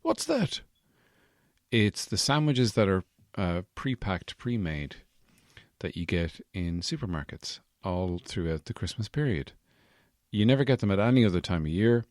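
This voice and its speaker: Low-voiced deadpan man. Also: moderate pace, no room sound, studio quality. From Irish Midlands. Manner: deadpan, hesitant, full of fillers. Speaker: podcast host. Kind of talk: comedy podcast sketch.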